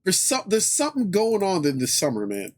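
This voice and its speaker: Laid-back, cursing stream host, slightly high voice. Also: male voice, a little fast. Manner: relaxed, swears often, repeats phrases. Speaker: livestream host. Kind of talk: casual chat with viewers.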